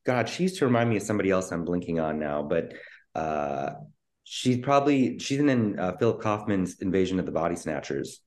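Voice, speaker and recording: A man co-hosting a podcast, chatting casually about a film and acting out scenes in a lively way. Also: low voice, fairly quick. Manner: animated, acts out quotes in raised voices. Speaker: podcast co-host.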